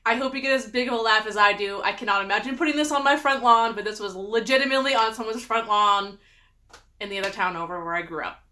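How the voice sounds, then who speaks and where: A young woman vlogger telling funny stories about her husband, animated and laughing often. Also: medium pitch, fast. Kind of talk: casual storytelling to camera.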